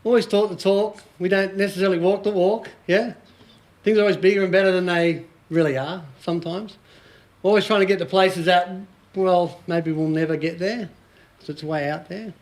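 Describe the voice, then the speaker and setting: A man's voice: high voice, steady tone, normal speed. An Australian man in his forties, a business coach giving a casual, joking seminar talk to a small group and quizzing the audience.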